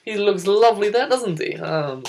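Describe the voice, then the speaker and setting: A woman's voice: medium pitch, lively intonation, moderate pace, a little mellow. A young woman in her teens hosting a spoof news show, goofy and rambling, breaking into giggles. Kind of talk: mock news presenting.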